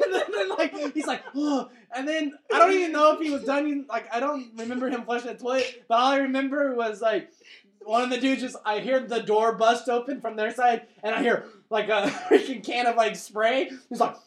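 A man's voice: very high voice, fairly even intonation, fairly quick. Rambling young man telling a story. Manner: rambling, laughing, heavy filler words. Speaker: podcast co-host. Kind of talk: casual podcast chat.

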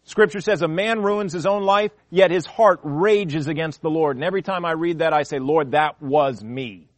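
High-voiced man preaching a dramatic sermon. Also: moderate pace, no echo. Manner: dramatic, acts out quoted voices, wide swings in pitch and volume. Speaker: pastor. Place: church.

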